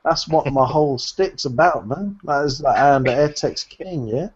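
A man's voice: a little high, moderate pace, slight background noise. A man co-hosting a podcast, rambling in a jokey way and laughing between his points. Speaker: podcast co-host. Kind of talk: casual chat. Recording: dull lo-fi sound.

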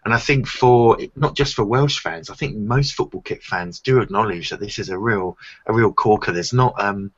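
A man's voice: fairly low pitch, moderate pace, few pauses. A man co-hosting a podcast, speaking with enthusiasm and often repeating words as he gathers his thoughts. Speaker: podcast co-host. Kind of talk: casual chat. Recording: dull lo-fi sound.

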